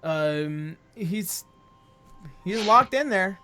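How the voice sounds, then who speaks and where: A man's voice: sits high, expressive, very slow, pushed and bright, soft background music. A man acting as game master, narrating a tabletop game with lots of fillers and restarts. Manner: rambling, many fillers.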